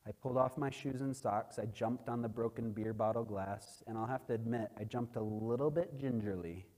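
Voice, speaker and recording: A man preaching as a missionary, telling a dramatic testimony that builds to loud, emphatic peaks. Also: medium pitch, fairly quick, hardly any pauses. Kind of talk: sermon testimony. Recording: long hall reverb.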